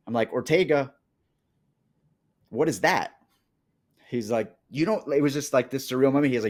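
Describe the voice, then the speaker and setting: A man's voice: mid-range voice, a little fast, long pauses. A man from Colombia, a podcast guest, telling his life story in casual conversation and acting out the dialogue he recalls. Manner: animated, acts out quoted dialogue.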